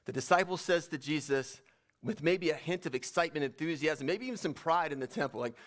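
A man's voice: a little high, lively intonation, brisk, a bit bright. A man preaching a sermon, reading scripture aloud and then explaining it in a conversational way. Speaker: pastor.

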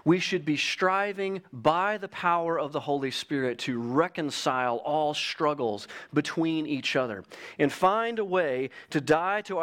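A man's voice: fairly high pitch, fairly bright tone. A man preaching a sermon as pastor, earnest, reading an illustration aloud and stressing key phrases. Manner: reads an illustration aloud to the congregation.

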